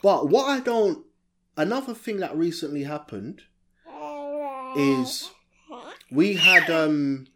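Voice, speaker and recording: A man with a London accent co-hosting a laid-back podcast, speaking at a middling pitch. He rambles in slangy speech with an expressive, wide-ranging voice that often sinks low and quiet. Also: slow pace, long pauses. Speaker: podcast co-host. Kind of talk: casual chat.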